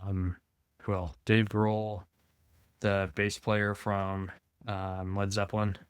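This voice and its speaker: A man's voice: fairly low pitch, level tone, takes it slowly, smooth, dry recording, studio quality. A man hosting a casual podcast, easygoing and hesitant, searching for words with lots of ums. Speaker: podcast host.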